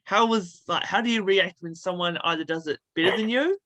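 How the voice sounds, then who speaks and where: A man's voice: high voice, a little fast, sharp tone. A man hosting a casual interview, giggly and hesitant, with lots of fillers. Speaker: interview host.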